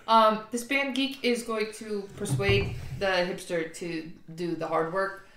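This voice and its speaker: A woman's voice: mid-range voice, steady tone, slow pace, a bit bright. Playful woman player in an echoey room. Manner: playful, slangy in character. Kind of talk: tabletop role-play, casual play. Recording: echoey room with background noise.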